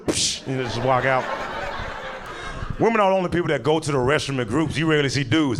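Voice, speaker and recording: A man's voice: on the high side, animated, normal speed, pauses often. A young man doing a laid-back, chatty stand-up set on a club stage, slipping into voices for people in his stories. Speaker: stand-up comedian. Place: comedy club stage before a live audience. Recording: live audience noise, background hum. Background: audience laughter and clapping.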